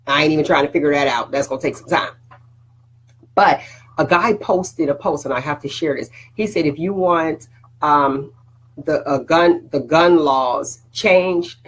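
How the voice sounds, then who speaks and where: Woman, motivational host, husky voice, lowish pitch, chatty and preachy. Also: rough recording. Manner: preachy, conversational, repeats "all right?". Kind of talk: motivational live talk to viewers.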